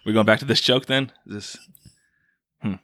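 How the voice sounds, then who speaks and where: A man's voice: on the low side, steady tone, normal speed, bright, forceful tone, dry recording, clean studio sound. A man hosting a podcast in casual chat, laughing often and joking around. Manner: laughs a lot, loose and joking. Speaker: podcast host.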